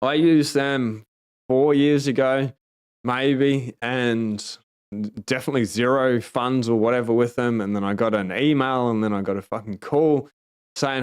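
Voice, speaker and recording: Man, Australian accent, casual livestream host, blunt, profane, emphatic, smooth clear voice. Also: medium pitch, steady tone, unhurried. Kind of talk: casual livestream chat, reading viewer comments.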